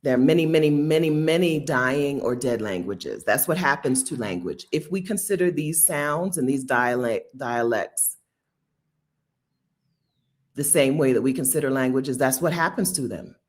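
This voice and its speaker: A woman in her fifties from Delaware, hosting and giving casual commentary, emphatic and quick to laugh. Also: rumbling low. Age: 50s. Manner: animated, emphatic, laughs often. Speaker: host.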